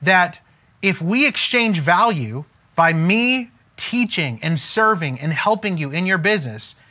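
A man giving an emphatic, preacher-like motivational talk as a business coach, slowing down to stress key phrases. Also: high-pitched, lively intonation, pushed and bright.

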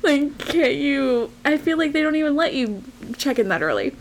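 A woman's voice: high voice, animated, moderate pace, slight background noise. Chatty young woman podcast host. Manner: chatty, rambling, laughs often. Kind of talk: casual chat and storytelling.

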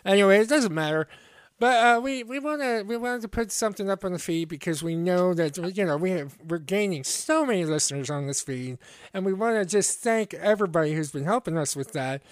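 An American man hosting a comedy podcast, talking in halting, self-deprecating stops and restarts. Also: high voice, lively intonation, smooth, no room sound, studio quality. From United States. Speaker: podcast host. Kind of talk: casual comedy podcast banter.

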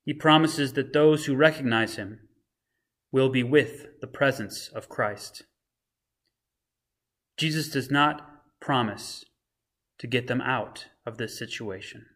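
A man, a pastor, reading scripture and giving a short devotional sermon in a measured, earnest way. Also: mid-range voice, a bit bright. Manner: measured, earnest reflection with dramatic readings of quoted lines.

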